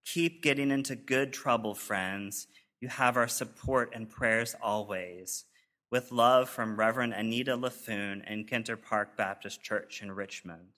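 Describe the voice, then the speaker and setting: A male pastor giving a sermon, reading letters of support aloud in an earnest, measured way. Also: lowish voice, bright, forceful tone. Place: church sanctuary.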